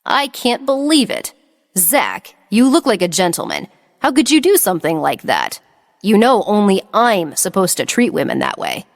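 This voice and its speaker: A woman's voice: medium pitch, wildly swooping pitch, moderate pace, dry recording, studio quality. A woman reading the lines of a blunt, teasing male executive in an audiobook. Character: cocky flirtatious male executive boss.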